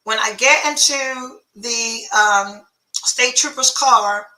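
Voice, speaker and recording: Animated high-pitched woman telling a story. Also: slow, reverberant, poor audio. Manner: candid, profane, animated retelling with quoted dialogue. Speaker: podcast host. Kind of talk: personal storytelling.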